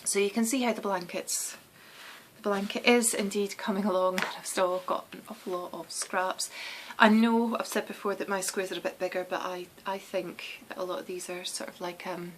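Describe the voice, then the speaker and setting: A woman's voice: medium pitch, steady tone, normal speed, slight background noise, rough recording. A Scottish woman hosting a knitting podcast, chatting casually and meandering with lots of restarts and ums. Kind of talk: casual chat.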